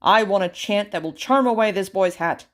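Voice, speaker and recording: A woman reading a storybook aloud, voicing a commanding but easily flustered king who barks orders and frets loudly. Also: high voice, a little slow. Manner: bossy then flustered, loud exclamations. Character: fretful, commanding king, middle-aged man.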